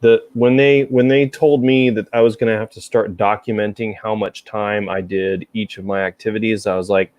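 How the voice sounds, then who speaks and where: A man's voice: lowish voice, fairly even intonation, moderate pace, few pauses, darkish tone, dry recording. A man hosting a casual chat show, rambling and self-deprecating, with a faint Southern American accent. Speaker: podcast host.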